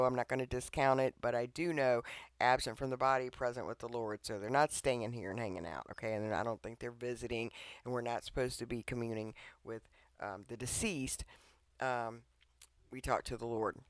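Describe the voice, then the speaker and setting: A man's voice: mid-range voice, clear, resonant tone, no echo, studio quality. A man preaching an informal devotional talk online, earnest and pleading, who keeps checking in with his listeners.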